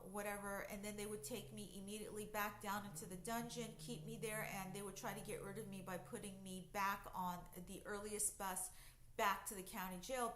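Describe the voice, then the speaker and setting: A woman's voice: medium pitch, a bit bright, slight background noise. A woman telling her own story in a casual storytime vlog, conversational with many fillers and emphatic bursts. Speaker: vlogger recounting jail experiences. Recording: echoey room.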